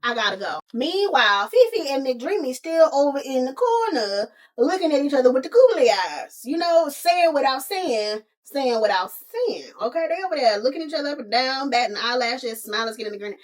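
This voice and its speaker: High-voiced, chatty woman podcast host. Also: moderate pace, few pauses. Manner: animated, slangy, talks to the listener as a friend. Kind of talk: casual movie recap.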